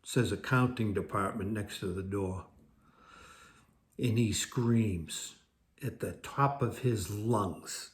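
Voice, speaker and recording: A man's voice: on the low side, sing-song, slow pace, long pauses, a little mellow. A man telling a personal story about his past in a casual, rambling way, often restarting and correcting himself. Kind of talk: personal recovery story told to camera.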